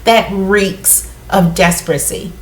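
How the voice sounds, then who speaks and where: A woman's voice: mid-range voice, steady tone, slow pace. A woman talking casually to her viewers, rambling with asides and laughs. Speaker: spiritual vlogger. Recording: echoey room.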